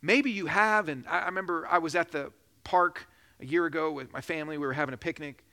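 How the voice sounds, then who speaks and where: A man in his thirties preaching a sermon, telling a joking personal story, then building to loud, slow emphasis. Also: on the high side. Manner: preaching with rising emphasis, slowing for key phrases; jokes and laughs during a personal story. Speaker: pastor.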